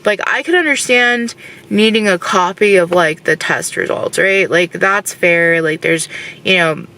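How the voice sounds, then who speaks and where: A woman vlogging from her car in a casual, frustrated rant, rambling and filling every pause with "like". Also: lowish voice, sharp tone, low-quality recording. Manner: frustrated, rambling, says "like" constantly.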